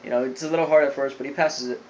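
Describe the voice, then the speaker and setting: A man casually talking through a recap of a show episode at a mid-range pitch. He rambles, piles on fillers and restarts, and slips into quick paraphrased lines for the characters. A faint hiss sits under his voice. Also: fairly even intonation, poor audio. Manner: rambling, filler-heavy retelling with loose quoted lines. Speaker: anime episode reviewer.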